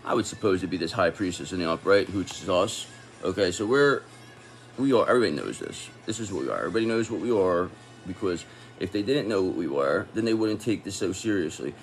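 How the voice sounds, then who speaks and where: A man's voice: deep voice, animated, fairly quick, faint music behind. A man giving a casual tarot reading, talking in an angry, profane and confrontational way. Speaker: tarot reader.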